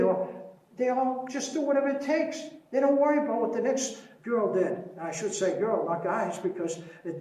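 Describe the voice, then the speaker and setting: Folksy beekeeper man, echoey far-off room. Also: very high voice. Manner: folksy storyteller, slows down and softens for anecdotes. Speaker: beekeeper giving a library talk. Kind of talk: informal public presentation. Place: library meeting room. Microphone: distant room mic.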